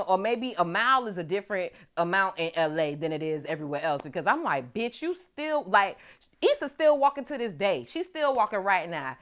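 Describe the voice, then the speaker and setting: Animated woman hosting a chatty TV recap. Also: medium pitch. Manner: animated, chatty, swears freely. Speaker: host of a TV recap show. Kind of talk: casual TV episode recap.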